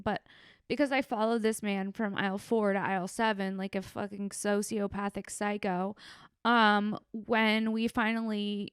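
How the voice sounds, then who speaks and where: A woman hosting a solo podcast, telling rambling, profane, animated stories. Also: medium pitch, clear, resonant tone, no echo, studio quality. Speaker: podcast host. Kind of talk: solo comedic podcast monologue. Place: Los Angeles.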